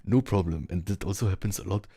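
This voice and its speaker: A man's voice: low voice, fast talker, dark tone, husky, no echo, studio quality. A man with a German accent, chatting casually in a virtual world and rambling with lots of fillers as he practices word sounds. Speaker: VR social game player. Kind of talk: casual chat. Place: online virtual world, speaking from home.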